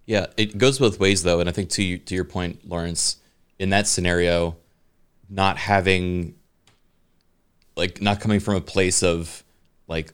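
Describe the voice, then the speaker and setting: A man on a podcast talking in a halting, casual way, full of "like" and "you know". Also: low-pitched, steady tone, smooth. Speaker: podcast co-host. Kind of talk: casual chat.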